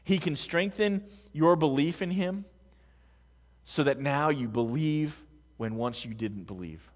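Male pastor, sermon delivery; conversational, rhetorical questions, hushed-to-loud swings; slightly high voice; recorded with long hall reverb. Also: measured pace. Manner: dynamic, swings between hushed and loud emphasis. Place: large room with a congregation.

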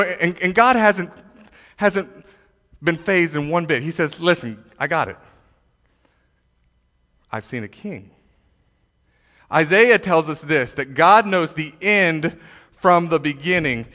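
A man delivers a sermon with animated, emphatic preaching, often repeating and restarting his words. His voice sits high and sounds bright and forceful. The sound carries a long reverb, like a large hall. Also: unhurried. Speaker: pastor.

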